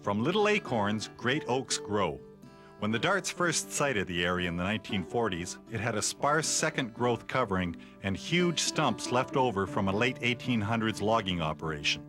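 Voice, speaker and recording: A man's voice: on the low side, sing-song, normal speed, over music. Man narrating a documentary.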